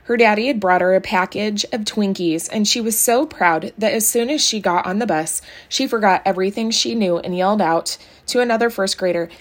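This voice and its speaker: A woman narrating a children's novel aloud, calm and even in her read-aloud style. Her voice sits in an ordinary middle pitch for a woman. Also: brisk, few pauses. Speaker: audiobook reader. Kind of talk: storybook narration.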